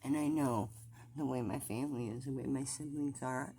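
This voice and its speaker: A woman vlogger talking through her distress in a confessional video, halting and repeating herself, trailing off mid-thought. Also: rumbling low, fairly even intonation, mellow, slight background noise. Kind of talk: confessional vlog.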